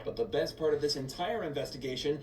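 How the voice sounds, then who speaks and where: Guy narrating a law breakdown, kinda high voice, echoey and far off w hum. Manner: explanatory, measured legal breakdown. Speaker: video narrator. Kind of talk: scripted narration. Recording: echoey distant voice-over with background hum.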